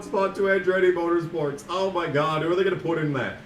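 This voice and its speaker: A man streaming a racing game, chatting casually and ranting sarcastically, sometimes mocking a fast auctioneer. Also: a little high, echoey room, distant mic. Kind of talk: casual live-stream commentary.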